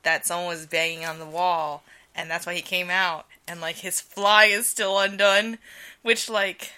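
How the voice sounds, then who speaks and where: A woman's voice: fairly low pitch, steady tone, unhurried, sharp tone, clear, resonant tone. A young woman co-hosting a casual podcast, rambling through stories with lots of "like" and frequent laughs. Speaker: podcast co-host.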